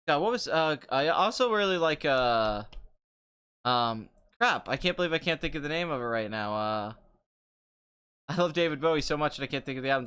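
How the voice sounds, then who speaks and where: A man's voice: medium pitch, sharp tone, clear, resonant tone. A young man hosting a casual chat show, answering viewer comments in a sarcastic, rambling way and laughing often. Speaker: podcast host.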